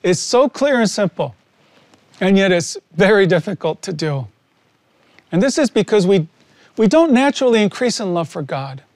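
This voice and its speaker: A man with a high voice gives a heartfelt pastor's testimony, earnest and unhurried. He leaves deliberate pauses between his phrases. The sound is close and dry, with no room echo. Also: sing-song, a little mellow. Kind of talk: scripted video teaching talk.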